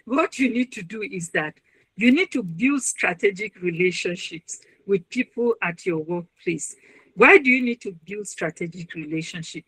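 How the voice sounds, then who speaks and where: A woman speaks to a webinar audience in an earnest, advising way, now and then acting out the people she quotes. Her voice is bright and clear, and the sound is close and dry, with almost no room around it. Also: medium pitch, no echo, low-quality recording. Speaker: webinar speaker, university registrar and counselor. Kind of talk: motivational webinar talk.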